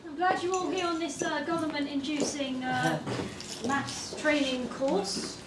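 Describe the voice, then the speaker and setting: High-voiced earnest maths instructor, a woman. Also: fairly even intonation, unhurried. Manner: formal lecturing with hesitant fillers. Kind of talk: live stage sketch. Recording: echoey hall miked from far, audience noise.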